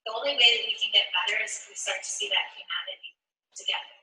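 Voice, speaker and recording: A woman's voice: medium pitch, racing, pushed and bright. A woman from New York telling a personal story in a speech, earnest and heartfelt. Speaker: speaker sharing a personal story. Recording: echoey room, voice from a distance.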